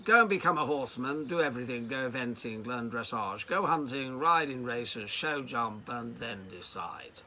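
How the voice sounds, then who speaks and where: A man voicing a tiny, commanding old male colonel who talks firmly and shouts others down. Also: medium pitch, expressive, moderate pace, hardly any pauses, slight background noise.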